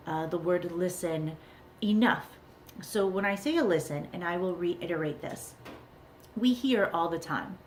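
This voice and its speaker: Woman, middle-aged, parenting coach, earnest advice, somewhat low voice, faint background noise. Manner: earnest, repeats key words for emphasis. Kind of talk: talking-to-camera advice video.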